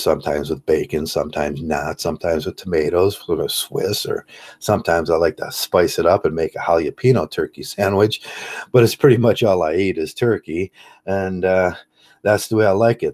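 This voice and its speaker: A man talking casually to camera in a rambling, halting way, full of fillers and restarts. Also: low voice, fairly even intonation, darkish tone. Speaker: channel host.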